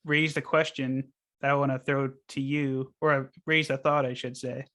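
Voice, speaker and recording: A man's voice: medium pitch, flat delivery, normal speed, sharp tone. A man co-hosting a podcast in casual chat, leaning on filler words. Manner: filler-heavy, uses "like" a lot. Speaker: podcast co-host.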